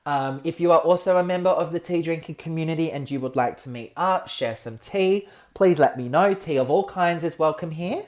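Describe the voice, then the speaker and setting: A young Australian man hosting a solo comedic podcast, campy and expressive, ranting and swearing freely. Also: fairly high pitch, brisk, few pauses. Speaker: podcast host.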